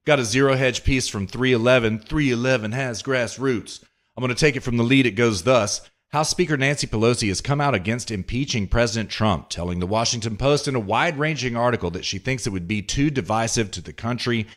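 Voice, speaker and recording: A man's voice: medium pitch, a bit bright. A man hosting a political commentary podcast, reading news excerpts aloud and reacting with sarcastic indignation. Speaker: podcast host.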